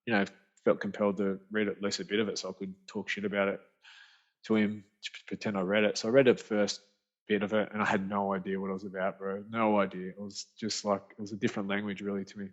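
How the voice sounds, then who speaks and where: A man, a podcast guest telling his story in casual conversation, animated and slangy, acting out what friends said. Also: lowish voice, fast. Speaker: podcast guest, author and speaker. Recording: muffled lo-fi audio.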